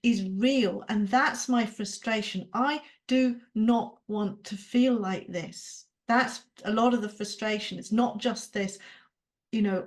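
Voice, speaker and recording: A woman speaks with raw candor on a casual podcast. She swears freely and laughs between her thoughts. Her voice sits at a middle pitch. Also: measured pace. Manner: frank and emotional, swears freely, laughs often. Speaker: podcast co-host, coaching client. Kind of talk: candid conversational podcast chat.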